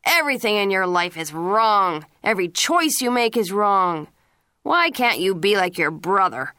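A woman's voice: medium pitch, expressive, measured pace, pushed and bright, clear, resonant tone, no room sound, clean studio sound. A woman reading the lines of a harsh police-chief father who berates his son. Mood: angry.

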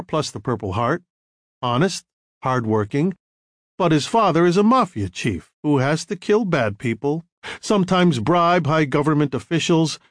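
A man's voice: a little high, dry recording, clean studio sound, lightly acted. A man reading as a guarded young ex-soldier. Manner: calm, guarded, dryly humorous. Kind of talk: audiobook character reading.

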